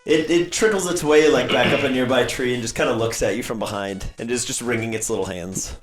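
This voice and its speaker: A man's voice: mid-range voice, brisk, echoey room, over music. A man running a tabletop game as game master, narrating playfully and throwing in little sound effects.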